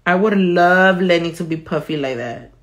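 A woman's voice: on the low side, moderate pace. A woman, chatting casually with viewers and swearing freely while she demonstrates her work on a live tutorial. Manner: casual, swears freely, switches between English and Spanish. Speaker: nail artist.

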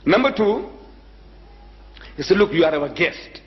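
A man's voice: sits high, sing-song. Older man telling a dramatic story. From South Africa. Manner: dramatic storyteller, acting out dialogue with pauses. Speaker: lecturer. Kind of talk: public lecture storytelling. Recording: echoey hall, dull lo-fi recording.

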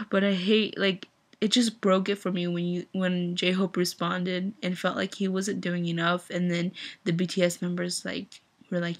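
A woman's voice: on the low side, level tone, measured pace, a bit bright. Upset young woman ranting about her idol. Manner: upset, filler-heavy with frequent "like". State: teary. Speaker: fan vlogger. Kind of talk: emotional vlog rant.

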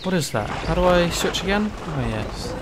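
A man commentating his own gameplay, ranting and swearing with sudden shouted outbursts. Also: sits high, big pitch swings, normal speed, heavy background noise. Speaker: gaming channel host. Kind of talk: let's play commentary.

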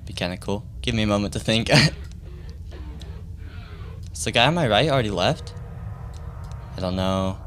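A young man streaming a horror game, reacting with laughs, yelps and quick commentary. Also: lowish voice, a little hiss or hum. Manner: excitable, laughing, yelping reactions. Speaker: gaming streamer.

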